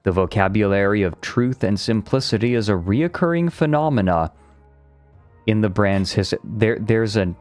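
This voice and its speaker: A man's voice: on the low side, lively intonation, moderate pace, a little mellow, no room sound, soft background music. A man streaming, reading a document aloud and picking apart its grammar in a thoughtful, laughing way. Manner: thoughtful, nitpicky, laughing along. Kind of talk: casual analytical stream chat.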